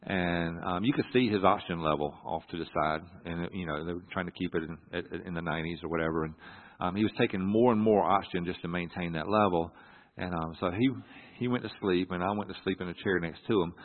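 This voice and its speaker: A middle-aged man telling a personal story from the pulpit, halting and earnest with many restarts. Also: deep voice, fairly even intonation. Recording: echoey hall through a phone-like line.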